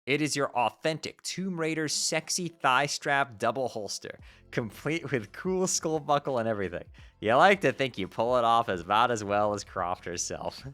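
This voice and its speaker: A man streaming, reading a webcomic aloud to his chat, animated and quick to swear and rant. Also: medium pitch. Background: faint background music.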